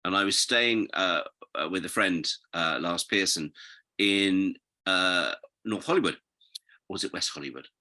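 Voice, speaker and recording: A middle-aged British man chatting in an interview, telling rambling, animated stories and drifting off on tangents. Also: low voice, unhurried. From Britain. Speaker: guest. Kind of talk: casual interview chat.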